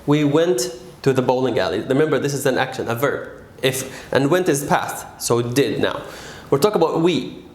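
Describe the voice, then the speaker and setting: A man teaching an English grammar lesson, patient and stressing key words slowly. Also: medium pitch, lively intonation, reverberant.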